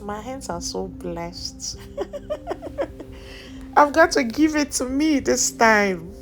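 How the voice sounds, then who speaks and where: A woman with a Nigerian accent, a cake baker vlogging, talking loudly and teasing, often laughing. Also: on the high side, sing-song, extremely slow. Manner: loud, teasing, bursts of laughter. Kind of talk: casual vlog chat. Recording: loud music and crowd behind.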